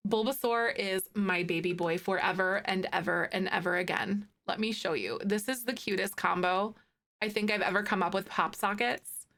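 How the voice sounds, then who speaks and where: A woman's voice: medium pitch, moderate pace, gravelly, a bit bright. A woman in her thirties chatting casually with live viewers on her stream, bubbly and giggly, gushing over things she loves. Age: 30s. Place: home streaming setup with green screen.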